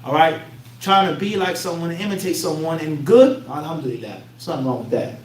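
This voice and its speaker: A high-voiced Islamic teacher from Philadelphia gives a religious lecture to a class, talking fairly quickly in a blunt, streetwise way. He has listeners fill in blanks by asking rhetorical "what?" questions. The room is echoey, with the mic far away and a faint hum.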